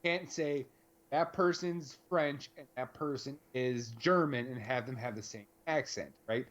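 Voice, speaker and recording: Speaking unhurriedly in a mid-range, slightly bright voice, this male podcast co-host rambles through a live stream in a conversational way, packed with fillers. The recording sounds dull.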